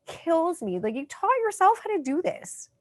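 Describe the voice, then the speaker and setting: A woman in her thirties from Canada hosting a podcast in casual chat, animated and full of fillers, swearing freely. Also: extremely high pitch, normal speed, no echo. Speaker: podcast host.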